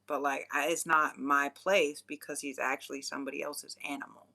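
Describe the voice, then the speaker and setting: A young adult vlogger who also works as a spiritual channeler rambles casually, laughing often and swearing freely in loose slang. The voice is medium-pitched with little pitch movement, fairly quick, and gravelly, bright and forceful.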